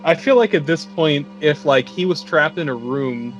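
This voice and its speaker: A man's voice: a little high, moderate pace, dull audio, faint music behind. Wry, joking man with quips. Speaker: podcast co-host. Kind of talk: casual movie recap chat.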